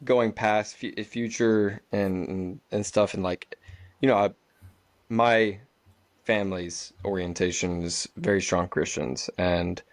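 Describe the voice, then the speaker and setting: A man's voice: on the low side, fairly even intonation, takes it slowly, no room sound. A man hosting a podcast, talking casually and hesitantly with many fillers. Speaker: podcast host. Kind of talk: casual conversation.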